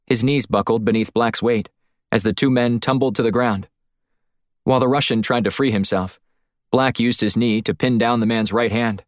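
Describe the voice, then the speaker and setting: A man reading a thriller audiobook in a steady, even storytelling voice, recorded close on a studio mic. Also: medium pitch, normal speed, no room sound. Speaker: audiobook narrator. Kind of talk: scripted narration.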